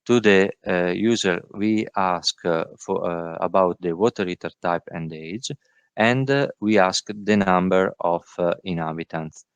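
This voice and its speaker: Halting, low-voiced man presenting slides. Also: smooth, no room sound, highs cut off. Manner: halting, many filler sounds. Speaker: workshop presenter. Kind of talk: technical presentation. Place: virtual workshop call.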